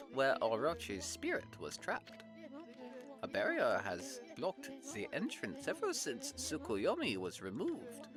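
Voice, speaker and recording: A woman's voice: rumbling low, voice pushed down, heavily acted. A woman voicing a suave male prophet with showy French flair, reading game dialogue aloud with smug theatrics.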